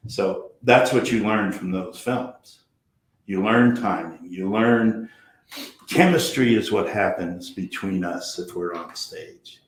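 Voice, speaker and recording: An older actor telling animated backstage stories in a casual chat, acting out quotes and swearing freely. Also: male voice, deep voice, roomy sound. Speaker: actor guest. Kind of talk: storytelling over drinks.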